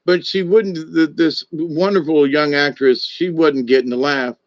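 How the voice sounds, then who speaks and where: An older man and former stage director telling rambling, animated stories in a casual monologue, often trailing off and restarting. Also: a little high, a little slow, no echo. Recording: dull, dry lo-fi audio.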